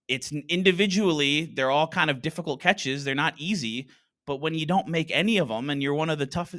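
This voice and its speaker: A man's voice: medium pitch, bright, forceful tone, no echo, studio quality. A man on a sports podcast round table breaking down football in an analytical, casual way, often restarting his sentences. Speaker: sports writer panelist.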